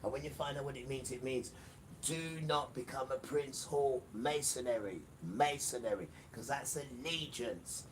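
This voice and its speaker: A man at medium pitch preaches an emphatic livestream sermon at a measured pace, repeating phrases and addressing the listener directly. The mic is distant, there's slight background noise, and loud music plays behind him.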